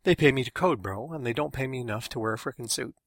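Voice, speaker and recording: A man voicing a brash, cynical male software contractor who talks bluntly and scoffs. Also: medium pitch, quick pace, dry recording, clean studio sound, close to an everyday voice. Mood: scoffing.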